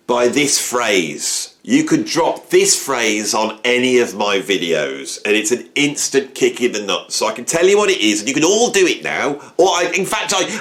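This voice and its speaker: A man, talking to camera on his music channel in an animated, rambling, self-mocking way. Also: medium pitch. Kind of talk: casual talk to camera.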